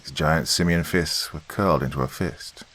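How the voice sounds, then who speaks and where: A man narrating a horror story in a measured, deliberate way. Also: very deep voice, a bit bright.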